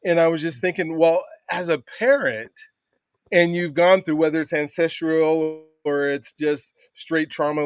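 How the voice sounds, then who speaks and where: A man's voice: on the high side, steady tone, unhurried, clean tone, no room sound. A middle-aged man hosting a casual chat, earnest and rambling with many restarts. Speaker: host. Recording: dull dry lo-fi sound.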